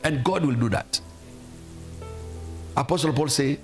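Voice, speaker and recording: A man's voice: fairly high pitch, measured pace, long pauses, soft background music. A man preaching a sermon as pastor, emphatic and exhorting, often calling out hallelujah. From South Africa.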